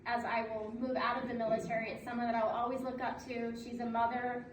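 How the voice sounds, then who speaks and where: A woman's voice: fairly high pitch, little pitch movement, quick pace. A woman in her late thirties, a military officer giving a candid, joking speech at her promotion ceremony and laughing often. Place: indoor room at a ceremony. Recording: echoey room, distant mic, noisy background.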